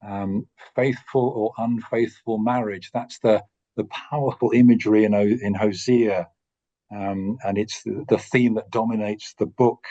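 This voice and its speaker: A man teaching a course on preaching, speaking in a thoughtful, measured way with frequent pauses and restarts. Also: lowish voice, fairly even intonation, mellow, highs cut off. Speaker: course tutor.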